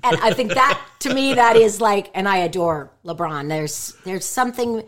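An animated woman voice actress talks frankly in an interview, her pitch sitting in a plain middle range. She is emphatic and outspoken, leaning into words for effect and speaking her mind without softening it. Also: moderate pace. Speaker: voice actress and stand-up comedian guest. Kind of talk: candid interview chat.

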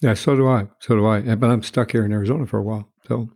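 A man's voice: fairly low pitch, steady tone, rapid-fire, darkish tone. A middle-aged man from Colorado with a Colorado accent, asking questions in a casual, easygoing conversation. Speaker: interviewer.

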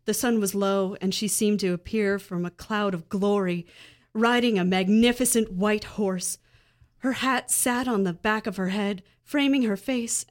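Woman reader, mid-range voice, plain steady story narration. She trips over a word now and then. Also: mid-range voice. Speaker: reader in a group read-aloud. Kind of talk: reading a story chapter aloud.

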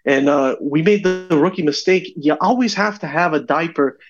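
A man, a podcast guest, chatting casually and telling stories with lively acted-out voices. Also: fairly high pitch, normal speed, dull audio, soft background music. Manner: animated storyteller, acts out voices. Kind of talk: casual chat.

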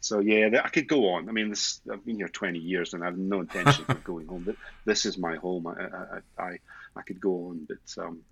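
A man's voice: sits low, brisk, creaky, fairly bright tone, slightly rough, highs cut off. A Scottish man chatting enthusiastically as a podcast guest, often restarting and repeating words. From Scotland. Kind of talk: casual interview chat.

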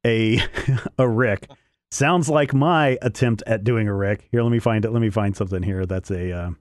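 A man's voice: lowish voice, normal speed, darkish tone, no room sound, studio quality. A man co-hosting a casual comic review chat, rambling with frequent restarts and self-corrections. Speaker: podcast co-host reviewing comics.

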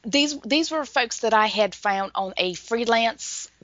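A woman author with a Southern North Carolina accent chats in an interview as a guest, rambling in a folksy way and laughing often. Her voice is a little high and a bit bright, with lively intonation and a measured pace. The recording is dry, dull and lo-fi.

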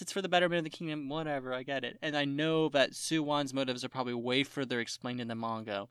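This co-host rants hard in casual chat, swearing freely and acting out the characters with sudden jumps in pitch. The voice sits at a middling pitch. The sound is close and dry. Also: fast talker, few pauses, clear, resonant tone, no room sound. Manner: animated ranting with profanity and mock quotes. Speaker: podcast co-host.

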